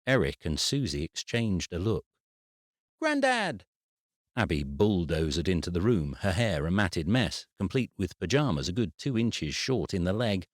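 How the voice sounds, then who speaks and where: Deep-voiced British male narrator. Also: expressive, moderate pace, hardly any pauses, no echo, clean studio sound. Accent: British English. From England. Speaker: audiobook narrator. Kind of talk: scripted narration.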